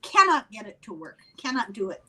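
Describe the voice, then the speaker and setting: A woman's voice: medium pitch, very animated, a little fast, sharp tone, rough recording. An older woman with an Irish accent, a guest in a casual video call chat, wry and self-deprecating.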